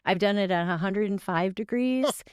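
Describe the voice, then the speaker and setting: Bubbly woman with a smooth voice. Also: medium pitch, dry recording, studio quality. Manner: bubbly, laughs often, quick storytelling. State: tired from little sleep. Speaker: guest voice actress and singer. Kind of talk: casual podcast chat.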